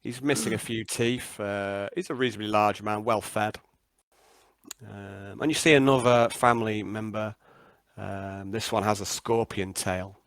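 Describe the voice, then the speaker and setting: A man's voice: on the low side, fairly even intonation, measured pace, creaky, a bit bright, no room sound. A man, running a tabletop game as game master and narrating with hesitant starts. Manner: hesitant, many ums and restarts.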